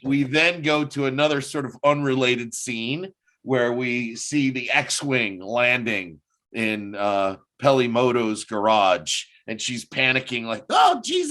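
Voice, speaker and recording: Man hosting a review chat, animated, laughs a lot, mid-pitched. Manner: animated, laughs often, jumps into quoted voices. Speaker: podcast host. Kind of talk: casual episode review chat.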